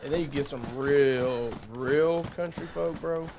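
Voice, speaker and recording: A man's voice: fairly high pitch, a little slow, gravelly, noisy background. A man with a Southern US accent, joking in casual livestream commentary while he plays a game, with a drawling country way of talking. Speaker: game streamer.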